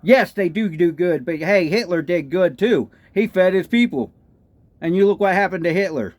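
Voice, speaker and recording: A high-voiced man with a Texan drawl rants in indignant political commentary, hammering his points with repeated rhetorical questions. His voice is recorded close and dry, with no room sound. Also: lively intonation, moderate pace, darkish tone, no room sound. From Texas. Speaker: political vlogger. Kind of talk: ranting commentary.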